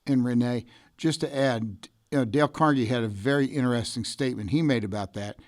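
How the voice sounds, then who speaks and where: A man's voice: mid-range voice, a little fast, a little mellow, dry recording, studio quality. A male host adding a quoted saying and then asking his guest a question. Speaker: podcast host. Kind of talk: interview questions.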